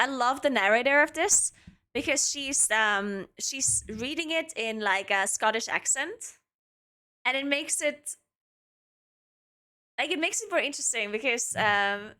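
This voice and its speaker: A woman with a bright, fairly high voice chats casually to her stream viewers from home. She talks in loose, rambling runs, full of "like" and "um" and restarts, close on a desk mic. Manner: chatty, many fillers and restarts. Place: home apartment.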